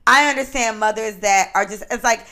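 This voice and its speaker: Laid-back woman podcaster with gravelly fry. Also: on the high side, brisk, bright, forceful tone. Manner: candid, profane storytelling with lots of quoted speech. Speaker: podcast co-host. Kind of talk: casual chat.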